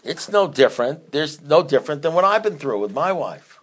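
A man's voice: on the high side, moderate pace. Blunt, rambling middle-aged man. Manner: rambling, repeats and restarts, animated at times; blunt, streetwise. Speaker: divorce counselor and AA sponsor. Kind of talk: unscripted talk.

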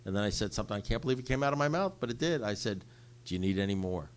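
A man's voice: fairly low pitch, lively intonation, racing, a little hiss or hum. An older man telling a personal recovery story to a group, speaking bluntly and conversationally and repeating phrases for emphasis.

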